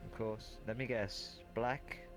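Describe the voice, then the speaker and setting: A man's voice: lowish voice, steady tone, slow, over music. A man playing a chipper, polite ship's chef in a VR roleplay, serving breakfast. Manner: chipper, polite server, makes beep-boop noises. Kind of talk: VR roleplay, in-character chat.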